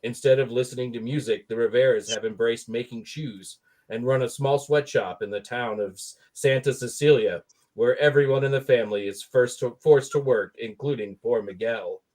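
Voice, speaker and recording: A man's voice: mid-range voice, moderate pace, a little mellow. A man reading a comedic movie review aloud in a sarcastic, mock-exasperated manner.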